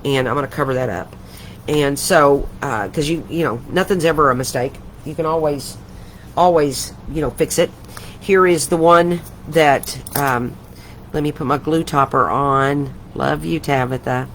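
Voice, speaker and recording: A woman's voice: low voice, a little slow, slight background noise, rough recording. An older woman, hosting a casual craft livestream from home, chatty and rambling, gushing with affection. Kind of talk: casual live craft chat.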